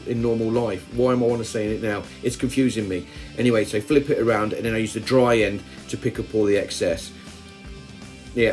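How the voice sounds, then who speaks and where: A man's voice: fairly low pitch, a little mellow. A man narrating a casual hobby vlog, chatty and self-deprecating, wandering off into asides as he talks. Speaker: ant-keeping hobby vlogger.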